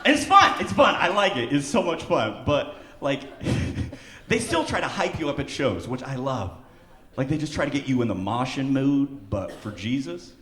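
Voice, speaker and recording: A man performing a stand-up comedy set on a club stage who breaks into loud, shouted character voices. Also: medium pitch, very animated, normal speed. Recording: echoey club with loud crowd. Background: audience laughter.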